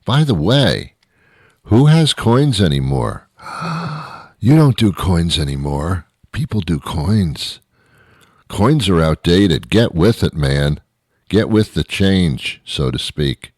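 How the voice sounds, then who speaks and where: A middle-aged man delivering a rambling comic monologue, full of restarts and deadpan asides. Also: low-pitched, slow pace, no echo, studio quality. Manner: meandering, self-interrupting, deadpan asides. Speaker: comedian host.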